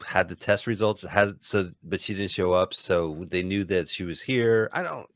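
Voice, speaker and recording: A man's voice: deep voice, normal speed, a bit bright, dry recording. A man hosting a podcast, giving jokey, casual commentary over a movie. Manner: jokey, riffs on the film, playful bits of voices. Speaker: podcast host.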